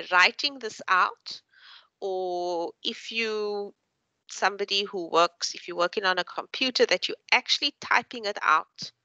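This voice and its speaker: Slow, gravelly-voiced woman tutor. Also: mid-range voice, bright, forceful tone, no room sound, highs cut off. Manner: encouraging, patient, explains slowly. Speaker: university tutor. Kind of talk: online tutorial feedback.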